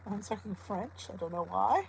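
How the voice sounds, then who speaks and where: A woman's voice: mid-range voice, lively intonation, moderate pace, gravelly, husky, low-quality recording. A middle-aged woman hosting a casual live stream chat from home, greeting her viewers by name in a chatty, cooing way. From New Jersey. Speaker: host of a live weight loss chat.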